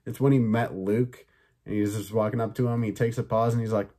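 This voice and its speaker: A man hosting a solo review podcast, talking in an excited, chatty way with many fillers and casual swearing. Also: fairly low pitch, fairly quick. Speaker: podcast host.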